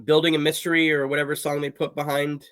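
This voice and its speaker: High-voiced man riffing on a podcast. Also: quick pace, clean tone, no room sound, studio quality. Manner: animated riffing, frequent laughter. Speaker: podcast co-host. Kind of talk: casual comedic chat.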